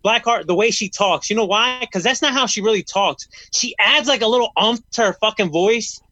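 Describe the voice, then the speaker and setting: A man's voice: high-pitched, a little fast, pushed and bright, no room sound, poor audio. A man co-hosting a casual talk show, ranting bluntly and swearing freely. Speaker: podcast co-host. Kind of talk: casual chat.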